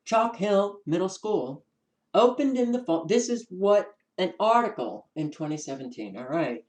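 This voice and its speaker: A woman with a New York accent, hosting her own channel and giving casual commentary as she reads from documents, pausing with ums and restarting words. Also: on the low side, animated, a little mellow, poor audio. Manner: unhurried, stops to restart words, many ums. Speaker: channel host.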